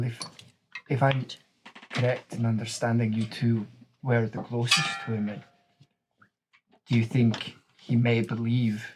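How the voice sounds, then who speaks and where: A man's voice: mid-range voice, noisy background, close to an everyday voice. A man voicing an earnest female alchemist who asks careful, hesitant questions in a tabletop game.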